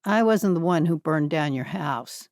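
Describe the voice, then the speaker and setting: A woman voicing a shifty, menacing young man who turns defensive and talks faster when cornered. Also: sits low, animated, a little mellow, no echo, clean studio sound.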